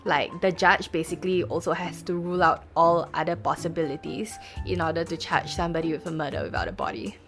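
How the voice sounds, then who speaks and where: A woman's voice: lowish voice, steady tone, a little fast, few pauses, a bit bright, soft background music. A Singaporean woman hosting a casual true-crime podcast, chatty and full of fillers. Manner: chatty, lots of likes and lah. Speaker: podcast host.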